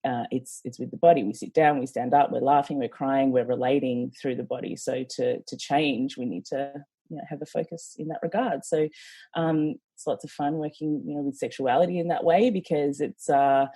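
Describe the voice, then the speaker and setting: Low husky Australian woman. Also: fairly even intonation, normal speed, dark tone, no room sound. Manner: thoughtful, rambling with fillers. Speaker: guest, sex coach. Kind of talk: interview answers.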